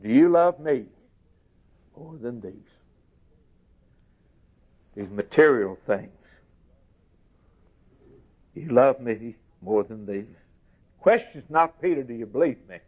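A man preaching a sermon slowly and emphatically, lifting his voice for quoted scripture. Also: mid-range voice, animated, husky. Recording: tinny phone-like recording.

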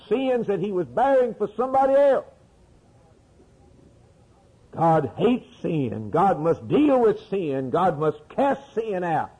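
A man preaching with fervor. His voice sits high and swoops dramatically, falling to near murmurs before climbing to ringing cries. The tone is mellow and slightly husky. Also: poor audio. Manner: fervent, swinging from low murmurs to rising cries. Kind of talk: sermon.

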